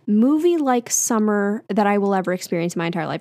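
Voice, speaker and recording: A woman's voice: medium pitch, brisk, hardly any pauses, warm tone, dry recording. A young woman in her twenties hosting a solo podcast, talking in a chatty, candid way with fillers and small laughs. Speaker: podcast host. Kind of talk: casual solo podcast chat.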